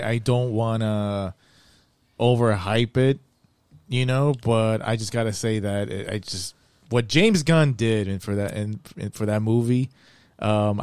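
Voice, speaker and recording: A man co-hosting a podcast, giving his opinion of a movie in relaxed, agreeable casual chat. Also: on the low side, unhurried, clear, resonant tone, dry recording. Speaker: podcast co-host.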